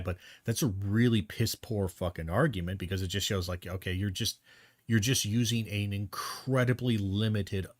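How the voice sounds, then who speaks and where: A man's voice: fairly low pitch, fairly bright tone, no echo. Indignant, blunt male streamer. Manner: indignant, blunt, swears freely. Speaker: streamer reacting to a debate clip. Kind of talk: heated commentary.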